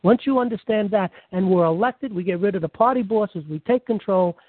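A man's voice: sits high, brisk. A man from New York State on a conference call, talking emphatically and pushing his points. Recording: tinny phone line, dry.

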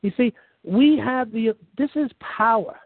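A man's voice: extremely high pitch, measured pace, dry recording. A man from New York State on a conference call, talking emphatically and pushing his points. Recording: tinny phone line, dry.

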